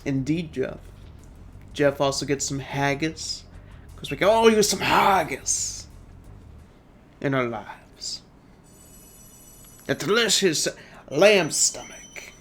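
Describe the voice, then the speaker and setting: A man's voice: a little high, expressive, takes it slowly, vocal fry, pauses often, fairly bright tone. Chatty young streamer guy. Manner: chatty, rambling, reads out chat. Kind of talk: casual let's-play commentary.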